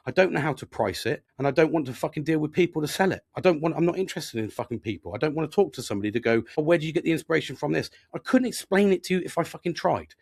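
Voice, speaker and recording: A middle-aged man hosts a podcast, rambling candidly through a casual monologue, swearing a lot and poking fun at himself. His voice is fairly high-pitched, a little mellow, and slightly rough.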